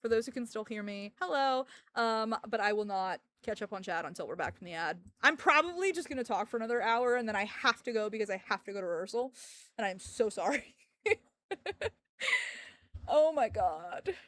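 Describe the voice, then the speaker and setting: A woman's voice: mid-range voice, expressive, brisk, fairly bright tone, no echo. A woman streamer chatting casually with her audience, rambling and joking and talking to her dogs between thoughts. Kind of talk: casual live-stream chat.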